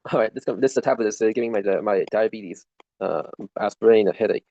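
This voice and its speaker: A man's voice: on the low side, fast talker, gravelly, dark tone, dry recording, lo-fi sound. A young man talking through a study review, rambling and self-deprecating, swearing at his tablet now and then. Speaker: student reviewing for an exam. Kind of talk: casual screen-recorded study walkthrough.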